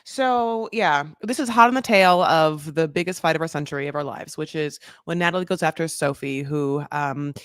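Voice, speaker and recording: A woman co-hosting a podcast, telling stories in animated casual chat and acting out quotes, over a home mic. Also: low voice, no echo, studio quality. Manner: animated storytelling, acts out quotes. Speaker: podcast co-host. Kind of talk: casual chat recapping reality TV.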